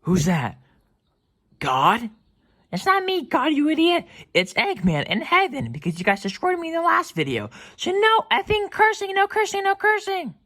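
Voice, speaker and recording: A shrieking, furious villain scientist as the young narrator voices him, his voice jumping far above the performer's own. He scolds in sharp bursts, for a homemade toy-battle story. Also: high-pitched, huge pitch swings, moderate pace, voice pushed up, heavily acted. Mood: scolding. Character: shrill angry male villain scientist.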